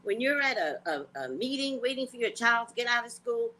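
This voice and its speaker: A woman hosting a casual livestream, talking to her viewers in a blunt, profane, animated way. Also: a little high, a little fast, poor audio. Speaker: psychic reader and livestream host.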